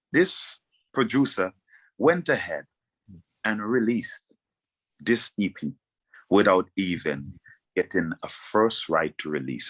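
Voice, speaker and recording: A man's voice: on the low side, fairly bright tone, husky. A Vincentian man, a reggae artist, talking passionately in an interview and firing off rhetorical questions. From Saint Vincent and the Grenadines.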